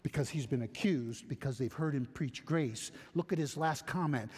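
A man's voice: medium pitch, normal speed, hardly any pauses, slightly rough. A man preaching an expository sermon, acting out objectors' lines in quotes. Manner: animated, acts out objectors in quotes. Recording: long hall reverb.

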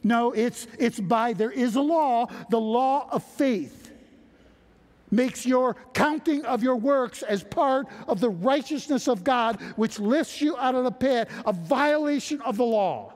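Man preaching a sermon, slow and emphatic, lots of rhetorical questions, echoey hall. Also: extremely high pitch, animated, a little mellow. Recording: reverberant hall.

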